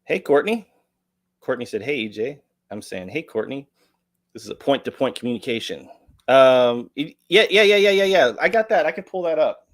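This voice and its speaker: A man's voice: on the high side, lively intonation, fairly quick. An American man hosting a livestream, chatting casually and jokingly as he reads out donations. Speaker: livestream host. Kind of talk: casual chat, reading donations.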